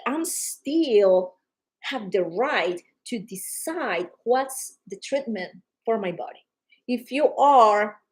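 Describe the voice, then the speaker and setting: Woman, non-native English accent, higher voice, emphatic casual live-stream host. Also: low-quality recording. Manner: animated, emphatic, calls viewers darling. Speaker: social media host.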